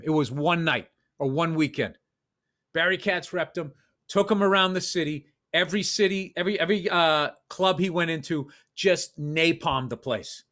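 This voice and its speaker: A man from Massachusetts, co-hosting a podcast and telling a profane, animated story in casual chat. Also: fairly high pitch. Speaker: podcast co-host.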